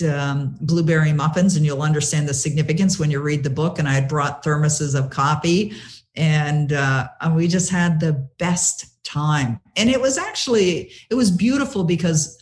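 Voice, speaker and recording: Animated woman telling a story. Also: low-pitched. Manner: animated, retells conversations with lively quoting; many fillers and restarts. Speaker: guest author. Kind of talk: storytelling interview answer.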